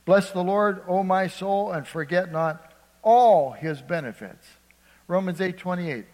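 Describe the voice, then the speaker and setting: A man's voice: a little high, a little slow, a little mellow, big-room sound, low-quality recording. A man preaching a sermon, telling a folksy story, acting out voices and calling on the congregation for amens. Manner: storytelling, acts out voices, asks congregation for response.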